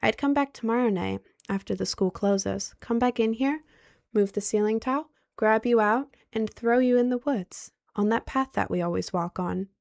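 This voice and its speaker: A woman putting on a creepy young man who whispers low and close, hushed and threatening in a whispered role-play. The voice carries a gravelly edge and sounds dry and close to the mic. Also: normal speed, no room sound. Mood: menacing whisper.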